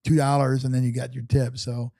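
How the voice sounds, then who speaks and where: A man's voice: mid-range voice, level tone, brisk, gravelly, warm tone, no echo. A man in his fifties, a guest telling his life story in an interview, rambling with many fillers and restarts.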